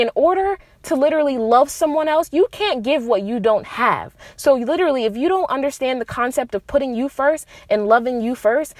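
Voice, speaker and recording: A woman's voice: high-pitched, no echo. A young adult woman hosting a podcast, giving relationship advice in a casual monologue, blunt and profane, with emphatic rises on her key points. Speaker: podcast host.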